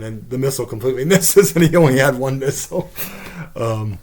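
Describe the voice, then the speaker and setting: A man in a casual podcast recap who rambles and fills gaps with ums. His voice sits in a middling pitch and leaps up high and loud when he acts out a scene. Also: brisk. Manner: rambling, full of fillers, acts out quotes with sudden high excited bursts. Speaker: podcast host.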